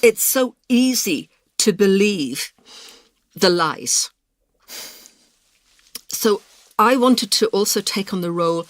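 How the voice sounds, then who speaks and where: A woman's voice: medium pitch, no room sound. A woman answering interview questions in a passionate, emphatic way. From Britain. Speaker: politician, interview guest.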